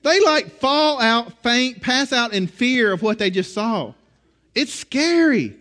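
A middle-aged man preaching a sermon in a conversational, animated way, often restarting his phrases. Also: very high voice, slow pace. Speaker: pastor.

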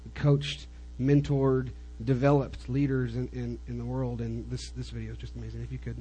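A man casually introducing a video, halting and restarting his sentences. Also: mid-range voice, level tone, mellow, husky, low-quality recording.

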